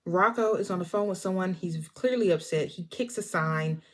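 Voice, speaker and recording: A woman casually recapping a film's plot for a vlog, animated and acting out the characters' lines. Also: fairly low pitch, moderate pace. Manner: animated storyteller, acts out the characters. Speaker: movie reviewer.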